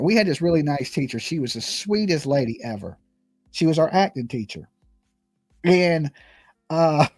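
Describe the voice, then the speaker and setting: A man's voice: a little high, a little mellow, no echo. A man hosting a casual commentary show, rambling and laughing as he tells stories. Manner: rambling, laughs often, storytelling. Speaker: host.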